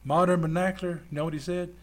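A man with a drawl preaching a sermon and praying in church, fervent, swinging from loud outbursts to quiet asides. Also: sits high, fairly even intonation, fast, a little hiss or hum. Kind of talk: sermon and closing prayer. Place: church with online stream.

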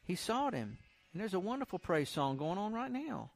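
A man's voice: sits high, sing-song, brisk, vocal fry. Conversational man preaching encouragement. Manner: conversational, encouraging, repeats himself, reads scripture aloud. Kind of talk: informal sermon.

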